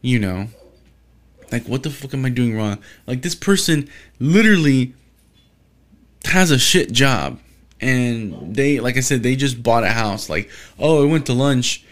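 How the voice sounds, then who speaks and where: A man's voice: mid-range voice, lively intonation, a little slow, long pauses, a bit bright. A young man talking casually on his solo podcast, rambling in a frustrated, profane way and often restarting his sentences.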